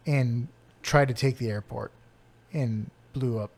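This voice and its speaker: A man co-hosting a podcast, quizzing his co-host in casual chat with quick asides. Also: mid-range voice.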